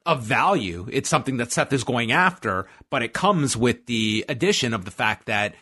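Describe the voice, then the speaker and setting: A man's voice: mid-range voice, big pitch swings, normal speed, pushed and bright, husky. A man co-hosting a podcast, casually recapping a show in a rambling, stop-start way with lots of fillers. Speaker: podcast co-host. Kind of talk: casual wrestling recap chat.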